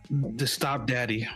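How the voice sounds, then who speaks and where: A man's voice: mid-range voice, pushed and bright, husky. A young man, father of a toddler, chatting casually in a playful, rambling, self-mocking way. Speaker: podcast co-host, father of a toddler. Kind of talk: casual chat.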